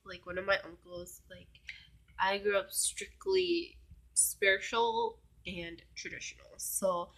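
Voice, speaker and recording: A woman's voice: mid-range voice, big pitch swings, slow pace, fairly bright tone, slightly rough. A young woman telling a personal story in a casual vlog, chatty and full of fillers, sometimes dropping to a whisper. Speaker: vlogger.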